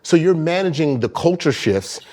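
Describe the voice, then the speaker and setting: A man's voice: on the high side, lively intonation, normal speed, darkish tone. A male co-host asking thoughtful, rambling questions with many restarts in a casual interview chat.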